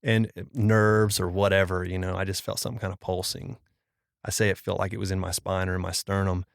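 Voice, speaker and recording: A man from Florida, a pastor, tells a personal story as a podcast guest. His voice is low with a gravelly edge, recorded dry and close. He speaks casually and slangily, and he acts out what people said. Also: little pitch movement, fairly quick, dry recording.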